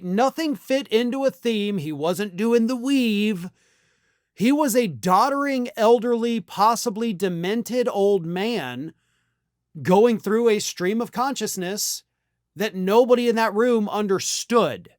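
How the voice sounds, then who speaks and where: A man's voice: high-pitched, animated, slow, dry recording, studio quality. A man hosting a political commentary show, talking in a scornful, emphatic monologue with some restarts.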